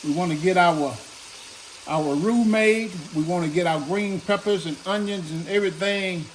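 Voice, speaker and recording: A man's voice: sits high, normal speed, a little hiss or hum. A man hosts a home cooking video, walking through a stew recipe in a folksy, chatty way. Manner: folksy, chatty, fond of saying "look". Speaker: home cooking channel host. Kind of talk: casual cooking demonstration. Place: home kitchen. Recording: echoey kitchen, mic a bit far off.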